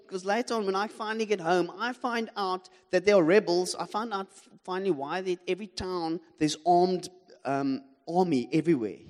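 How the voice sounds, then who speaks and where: A man's voice: high-pitched, darkish tone. A man with a South African accent preaching a sermon, telling a story with animation and humor and putting questions to the congregation. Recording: long hall reverb.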